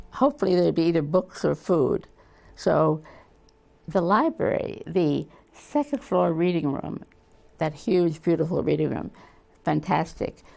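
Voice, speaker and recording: An older woman with a low, gravelly voice and a dark, mellow tone. She is a novelist being interviewed, and she talks casually as an animated storyteller who acts out quoted voices. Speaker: novelist guest.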